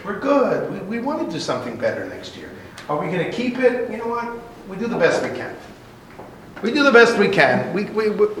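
A man preaching a sermon, telling a parable in an animated, conversational manner with a fairly high voice. His words ring out in a very echoey room. Faint noise sits under the speech.

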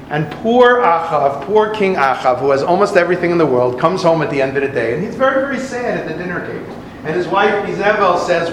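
A man's voice: on the high side, expressive, fairly quick, few pauses, reverberant, a little hiss or hum, low-quality recording. A man giving a talk, retelling an old story with dramatic flair and acting out the voices.

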